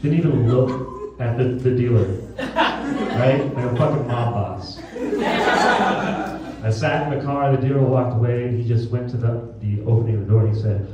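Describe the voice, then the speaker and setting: A man's voice: mid-range voice, normal speed, pauses often, warm tone, highs cut off, a little hiss or hum. A young man doing a crude, self-mocking stand-up set on a small theatre stage, filmed from the audience on a phone. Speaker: stand-up comedian. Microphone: phone camera in the audience. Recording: echoey theatre filmed from far off. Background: audience laughter.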